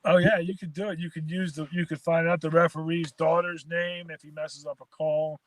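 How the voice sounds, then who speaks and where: A man with a high voice tells old football stories over a call from his car. He laughs as he goes, swears freely and trips over repeated words. The sound is dry and close, with almost no room. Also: flat delivery, brisk, no echo. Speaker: former quarterback guest. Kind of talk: casual sports chat.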